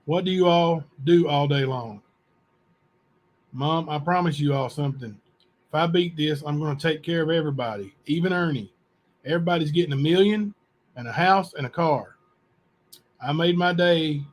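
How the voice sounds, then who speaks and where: A man with a somewhat high voice reads letters aloud for his viewers. He keeps a plain, unhurried pace, breaking off now and then for his own comments. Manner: plain, unhurried reading with asides and spelling out words. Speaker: channel host.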